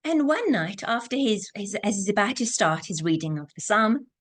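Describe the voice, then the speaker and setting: A woman's voice: mid-range voice, big pitch swings, moderate pace, a little hiss or hum. A woman teacher giving an earnest online class, building points by repeating phrases. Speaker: Torah teacher. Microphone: video call.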